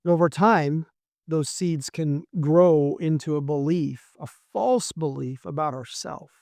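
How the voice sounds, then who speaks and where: Slow gravelly-voiced male preacher. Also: on the high side, darkish tone, dry recording, studio quality. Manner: slow, measured delivery with frequent pauses. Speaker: pastor. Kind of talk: sermon.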